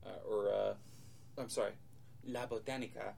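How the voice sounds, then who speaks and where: A man co-hosting a casual comic book podcast, who retells stories with quick voices for each character. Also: on the low side, fairly even intonation, creaky, a little mellow, poor audio. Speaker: podcast co-host.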